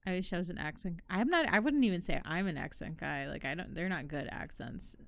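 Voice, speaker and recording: A woman's voice: on the low side, expressive, fairly quick, creaky, no room sound. Young woman gaming stream, chatty and rambling, laughs at herself, dry close sound. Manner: chatty, rambling, self-deprecating. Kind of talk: casual gameplay commentary.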